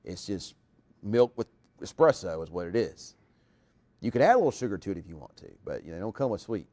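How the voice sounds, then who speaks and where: A man's voice: low voice, very animated, fairly quick, dark tone. A man hosting a casual live chat show, talking in a rambling way with lots of restarts.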